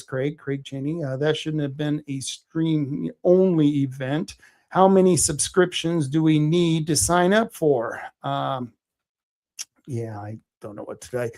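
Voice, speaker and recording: Swearing through an angry rant, this podcast host from Oregon, in the United States, reads out comments from his live chat. His voice gets louder and higher as he works himself up.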